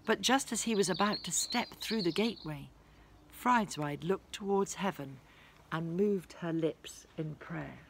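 A woman reading aloud her own children's story in a slow, deliberate storytelling way. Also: on the low side, vocal fry, a little hiss or hum. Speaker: author narrating her book.

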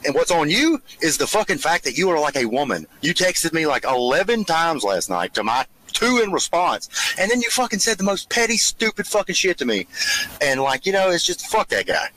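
A man's voice: a little high, very animated, brisk, bright, forceful tone, low-quality recording. A man hosting his own show, delivering an angry, profanity-laden rant during a road trip and repeatedly taunting someone who isn't there. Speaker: show host.

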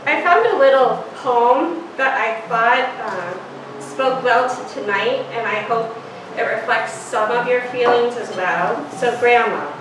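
A woman reads a short poem with care and tenderness to her grandmother, her voice sitting a little high. The sound is distant and very echoey, with background noise throughout. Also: unhurried. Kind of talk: reading a poem aloud. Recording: echoey room from far off with noise.

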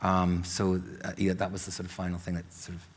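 A man's voice: low voice, monotone, brisk, breathy edge, long reverb tail. A Northern Irish man, an author, talking at length in a literary interview and filling his sentences with "you know". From Northern Ireland. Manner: talkative, peppered with "you know" fillers. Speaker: author guest. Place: literature event stage.

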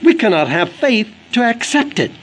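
A man's voice: very high voice, sing-song, moderate pace, rough recording. A man delivering an earnest, emphatic sermon for an audio book, quoting scripture as he preaches. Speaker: evangelist preacher.

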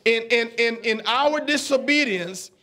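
High-voiced man preaching a teaching sermon. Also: measured pace, bright, forceful tone. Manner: conversational, stammers and repeats words, quizzes the congregation. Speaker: pastor.

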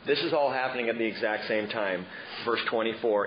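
A man preaching an expository sermon as pastor, animated and joking with the congregation. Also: on the low side, a little fast. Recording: muffled with steady background noise.

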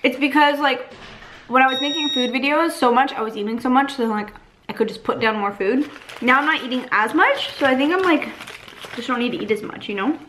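A woman's voice: high voice, brisk, background noise. A young woman chatting casually while she eats on camera, giggling often and talking with food in her mouth. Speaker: vlogger. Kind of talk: casual eat-with-me vlog chat.

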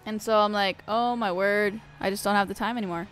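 A woman's voice: medium pitch, fairly even intonation, a little fast, fairly bright tone, faint music behind. A young woman streaming a racing game, chatting casually and playfully teasing her viewers. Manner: playful, teasing, talks straight to chat. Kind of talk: casual live-stream gaming chat.

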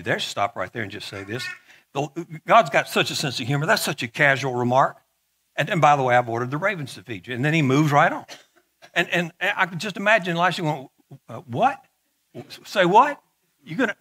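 A middle-aged male pastor delivers a sermon in a casual, conversational way. His voice sits a little high and sounds forceful yet breathy. He drops playful asides and often repeats his words as he goes.

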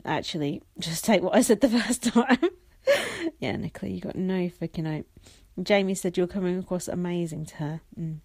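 A woman's voice: on the low side, a little mellow, no room sound. A young woman giving a casual, sweary, sarcastic solo recap of a reality show. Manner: sweary, blunt and sarcastic, with asides. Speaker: reality TV commentator.

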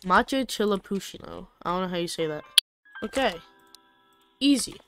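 A woman's voice: mid-range voice, expressive, normal speed, over music. Chatty young woman gaming commentator. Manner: chatty, slangy, joking, reads game lines aloud. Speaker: gaming channel host. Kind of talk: casual let's-play commentary.

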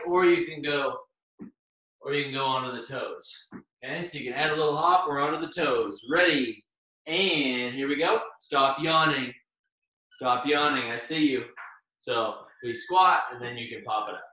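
An out-of-breath man runs a live online fitness class, calling out moves and encouraging people by name. His voice is fairly high and bright, and his delivery is unhurried. He sounds distant from the mic in a strongly echoing room. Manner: upbeat, cheering on participants by name while exercising. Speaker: fitness instructor. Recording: very echoey room, far from the mic.

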